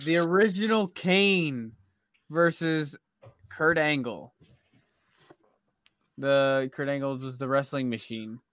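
A man's voice: medium pitch, slow pace, long pauses, a bit bright, dry recording, studio quality. A man hosting a casual group chat, leading the picks and teasing the others. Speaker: podcast host running a bracket.

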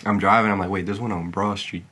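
A man's voice: low-pitched, fairly even intonation, fast, sharp tone, a little hiss or hum. A young man telling stories in casual chat, loose and profane, often acting out quotes in a raised voice.

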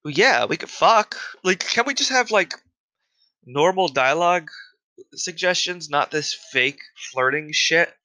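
A man's voice: on the high side, expressive, a little slow, bright, forceful tone, rough recording. A man delivering a casual, profane solo rant, exasperated and full of fillers.

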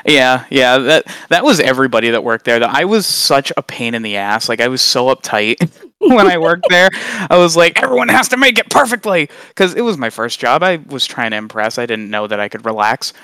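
A young man, a guest on a casual chat recorded remotely, telling funny stories with lively acted-out quotes. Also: brisk, clear, resonant tone, dry recording. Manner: animated storyteller, acts out quotes in high voices. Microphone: long-distance remote recording.

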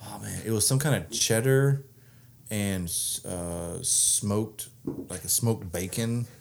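A man's voice: lowish voice, slow, creaky. A man co-hosting a casual chat show, telling rambling stories full of "uh" and "like". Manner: rambling storyteller, many "uh" and "like" fillers. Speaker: co-host.

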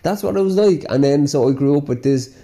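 A man's voice: fairly high pitch, brisk, dark tone. A man with a Dublin accent casually telling stories about his life, chatty and full of "you know" and "like", often laughing as he goes. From Ireland. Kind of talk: casual personal storytelling.

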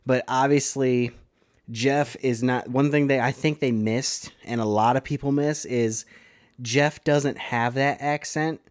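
A man's voice: mid-range voice, steady tone, measured pace, dry recording. Hesitant Midwestern man, dry close sound. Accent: Ohio Midwestern. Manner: hesitant, restarts often. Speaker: podcast co-host. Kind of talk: casual chat.

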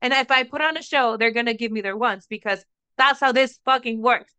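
A young adult woman co-hosting a podcast, telling a story in casual chat, animated and profane, acting out what others said. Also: fairly high pitch, brisk, smooth, dry recording. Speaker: podcast co-host.

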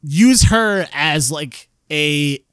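A man's voice: a little high, animated, drawn-out words, a bit bright, smooth, dry recording, clean studio sound. A man casually recapping a TV episode in a rambling way, with lots of fillers and laughter. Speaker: podcast co-host.

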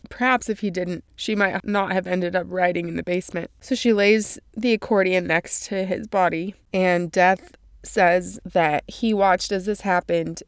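A woman's voice: lowish voice, clean tone, dry recording, clean studio sound. A woman reading passages from a novel and retelling the story, emotional and crying as she goes. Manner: emotional, tearful at moments. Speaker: book summary reader. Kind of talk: reading and summarizing a novel aloud.

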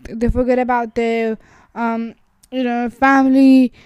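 A woman talks earnestly in a casual chat, pausing and restarting with many fillers. Her voice sits fairly high but sounds mellow and smooth. The recording is dry and close, with no room echo. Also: little pitch movement, highs cut off. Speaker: podcast host.

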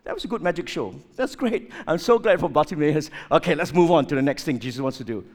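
A man's voice: fairly high pitch, lively intonation, fast, voice pushed down, close to an everyday voice. A man voicing a casual male onlooker in a crowd who talks in an offhand, shrugging way.

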